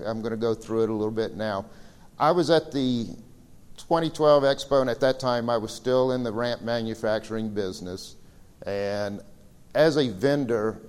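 A man's voice: mid-range voice, a little mellow. A man giving a slideshow seminar talk, telling stories in a casual, rambling way with fillers. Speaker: seminar presenter. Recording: reverberant hall recording.

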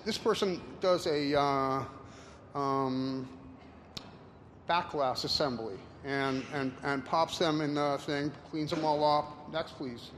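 Rambling man in a reverberant hall. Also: a little high. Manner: rambling, halting, many fillers. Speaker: presenter. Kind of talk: casual slide talk with anecdotes. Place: room with an audience. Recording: reverberant hall, faint noise.

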